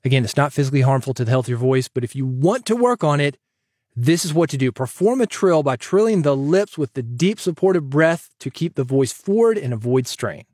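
A man hosting a podcast, giving advice in an energetic, chatty way that jokes with the listener. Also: mid-range voice, a little fast, husky, no room sound, clean studio sound. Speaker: podcast host and coach.

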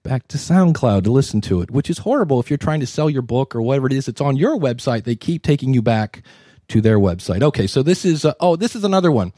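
A man's voice: medium pitch, quick pace, dry recording, clean studio sound. A man hosting a live conference session, critiquing podcasts in front of an audience with jokes and asides. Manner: animated, joking and wisecracking. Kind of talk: live panel commentary.

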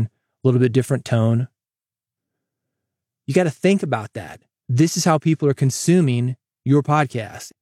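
A male podcast host talks straight to his listeners in a casual, emphatic monologue, repeating words to drive points home. His pitch sits in the middle range. The sound is dry and close, with no room echo. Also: a little mellow. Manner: conversational, emphatic repetition.

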